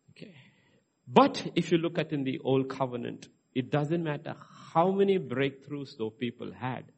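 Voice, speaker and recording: A man's voice: medium pitch, vocal fry. A male pastor preaching a sermon, emphatic and checking in with "okay" as he teaches scripture. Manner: emphatic, rising to stress points, frequent "okay" checks.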